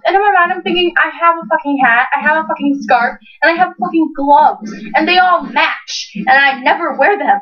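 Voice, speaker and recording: High-voiced teenage girl, distant and dull. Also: moderate pace. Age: teens. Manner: swears freely, animated retelling with voiced quotes. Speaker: co-host. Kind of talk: casual storytelling chat. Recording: distant, dull lo-fi home mic.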